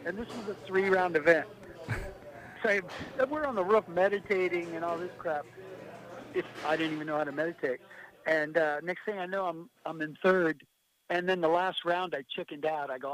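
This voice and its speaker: A man's voice: high-pitched, moderate pace, low-quality recording. A man, a golf pro guest, casually telling funny stories from his touring days with lots of laughs. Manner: animated, laughing storyteller. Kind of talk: casual storytelling.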